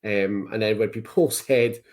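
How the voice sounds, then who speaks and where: Low-voiced man talking sport. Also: measured pace, darkish tone. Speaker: podcast guest. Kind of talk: casual sports chat.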